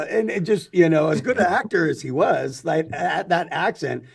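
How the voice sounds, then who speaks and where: An excitable male podcast host with a high, gravelly voice. He jokes and laughs his way through casual chat. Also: moderate pace, hardly any pauses. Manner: excitable, joking, laughs often.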